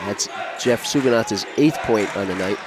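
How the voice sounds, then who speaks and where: A man's voice: fairly low pitch, normal speed. Man, basketball commentator, chatty banter, noisy gym, ball bouncing behind. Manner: chatty, jokey banter with co-host. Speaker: play-by-play commentator. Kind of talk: high school basketball commentary. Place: school gymnasium.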